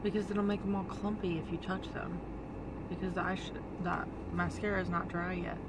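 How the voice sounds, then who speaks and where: A woman's voice: lowish voice, little pitch movement, normal speed, very noisy. A woman vlogging with her daughter, chatting casually and scolding her in a mock-stern, motherly way. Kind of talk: casual vlog chat.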